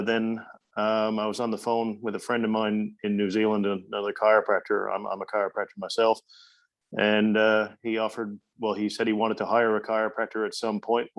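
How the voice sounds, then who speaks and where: A man in his forties with a Newfoundland accent, a podcast guest telling stories in a humorous, self-deprecating way. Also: on the low side. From Newfoundland, Canada. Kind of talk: casual interview storytelling.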